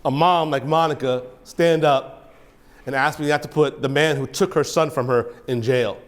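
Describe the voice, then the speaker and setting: A man, a judge, speaking to students in a courtroom with an emotional storytelling manner, at times quiet and choked up, at times loud and excited. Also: medium pitch, moderate pace.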